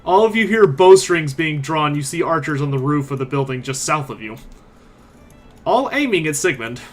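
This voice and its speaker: Higher-voiced man narrating as game master. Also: normal speed, faint music behind. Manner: animated, voices every figure.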